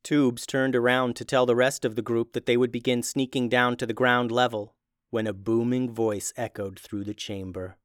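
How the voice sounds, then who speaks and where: A man narrating a children's fantasy adventure in a steady, even reading voice. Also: mid-range voice, normal speed, no room sound, clean studio sound. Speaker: storyteller.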